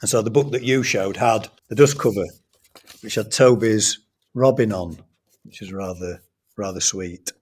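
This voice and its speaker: A middle-aged man tells an anecdote in an interview, in a fairly low voice. He speaks earnestly and with animation, and he acts out bits of dialogue as he goes. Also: normal speed, a little mellow, slightly rough. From England. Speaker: guest, school trust academic leader. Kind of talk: storytelling in a podcast interview.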